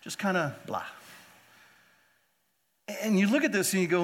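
A man preaching a sermon as pastor, lively and animated, often putting rhetorical questions to his listeners. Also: sits high, moderate pace, long pauses.

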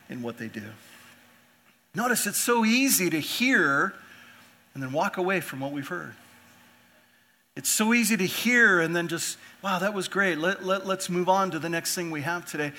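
A man preaching a sermon as pastor, reading scripture and swelling to emphatic peaks before dropping soft again. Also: on the high side.

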